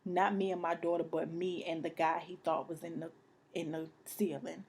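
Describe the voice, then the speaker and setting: A young woman telling a personal story to camera, halting and emotional, repeating herself and sometimes dropping to a near whisper. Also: fairly low pitch, little pitch movement, darkish tone, a little hiss or hum. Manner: repeats phrases, many restarts.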